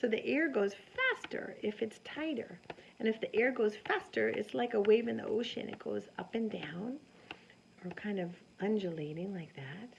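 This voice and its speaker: A woman teaching a science lesson to children, animated and sing-song, often asking them questions. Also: medium pitch, normal speed, gravelly. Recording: dull lo-fi sound with faint noise.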